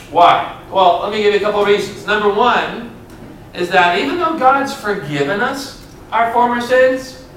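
A male pastor preaching a sermon to his congregation, asking rhetorical questions and leaning into words with dramatic pauses. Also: high voice, a bit bright, distant mic. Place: church sanctuary. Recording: roomy church sound from afar, faint hiss.

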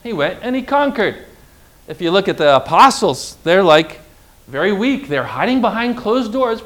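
Man, preacher, high voice, emphatic, animated sermon. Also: normal speed.

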